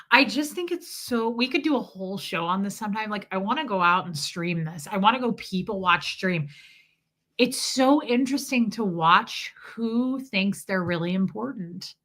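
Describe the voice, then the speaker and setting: A woman's voice: medium pitch, expressive, moderate pace, a bit bright. A woman from the US Midwest hosting a casual live stream, chatting sarcastically with viewers. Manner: sarcastic, ranting, throws in mocking impressions.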